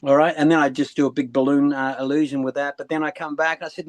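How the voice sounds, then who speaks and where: A man's voice: fairly high pitch, fast, hardly any pauses, dry recording. A man, a guest speaker, telling stories in a casual interview and acting out voices as he goes. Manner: animated, acts out voices, repeats phrases.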